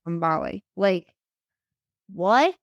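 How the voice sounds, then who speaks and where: A young woman telling a story in casual chat, animated and profane, acting out the lines she quotes. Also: mid-range voice, slow pace, no room sound, studio quality. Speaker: podcast host telling her story as guest.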